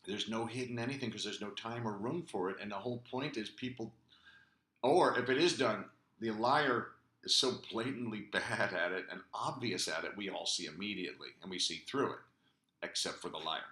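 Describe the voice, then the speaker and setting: A man's voice: lowish voice, moderate pace, sharp tone. An older man, a guest comedian, chatting casually and making emphatic points. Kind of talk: casual chat. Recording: roomy echo.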